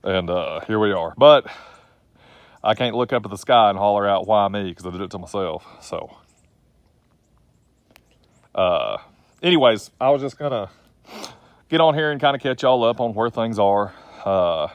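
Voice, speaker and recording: Middle-aged man, low voice, folksy and rambling, dry recording. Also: expressive, moderate pace, pauses often, no room sound, muffled recording. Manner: folksy, rambling, self-deprecating. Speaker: trucking business owner vlogger. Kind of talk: rambling casual vlog. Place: outdoors.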